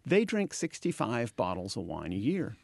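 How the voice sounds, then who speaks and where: A man's voice: mid-range voice, wildly swooping pitch, moderate pace, creaky, dry recording. A man co-hosting a casual wine radio show, explaining figures and teasing his partner. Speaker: wine show co-host, wine educator.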